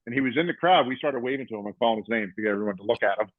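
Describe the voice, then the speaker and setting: A man's voice: medium pitch, very fast, no echo. Storytelling man on a tinny call line. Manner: animated storyteller, acts out quotes. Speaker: podcast host, former wrestler. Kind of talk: casual storytelling chat. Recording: tinny phone-like call audio.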